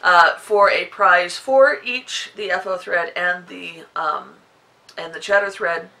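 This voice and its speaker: A woman's voice: fairly low pitch, slow pace, sharp tone, rough recording. A woman in her forties hosting her knitting podcast, chatting casually to the camera and rambling with lots of fillers. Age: 40s.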